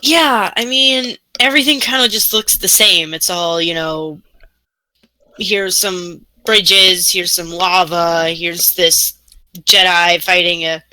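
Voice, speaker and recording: A woman's voice: on the low side, slow, no room sound. A woman playing a tabletop game, joking playfully in character. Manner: playful, lively in-character banter. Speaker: player. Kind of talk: tabletop game play, casual chat.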